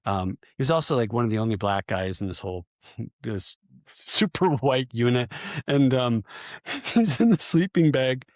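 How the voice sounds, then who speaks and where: Animated veteran man telling stories. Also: mid-range voice, normal speed, dry recording, clean studio sound. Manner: animated storyteller who acts out shouted quotes and often laughs. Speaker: podcast guest, military veteran. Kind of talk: casual interview storytelling.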